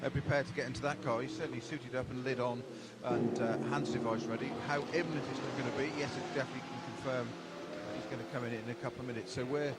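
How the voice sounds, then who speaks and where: A man reporting live from the pit lane outdoors, giving brisk updates peppered with fillers. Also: mid-range voice, steady tone. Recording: noisy pit lane line.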